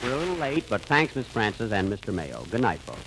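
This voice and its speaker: A man's voice: lowish voice, wildly swooping pitch, fairly quick, over loud music. A man hosting a 1940s radio comedy with an indignant, fussy comic delivery. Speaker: comedian host. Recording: noisy old radio broadcast.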